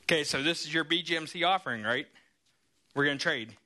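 A man preaching a sermon, telling Bible stories in an animated way and checking in with the congregation as he goes. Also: fairly high pitch, fast talker, a little hiss or hum. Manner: animated storytelling with frequent "okay?" and "right?" check-ins.

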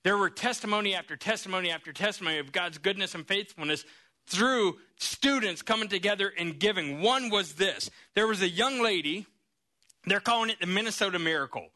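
A man preaching a sermon, telling a story in an animated, lively way. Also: sits high, a little fast.

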